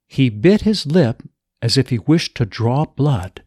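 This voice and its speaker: A man reading a story aloud in a measured, expressive way. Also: medium pitch, slightly rough, dry recording, clean studio sound. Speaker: narrator.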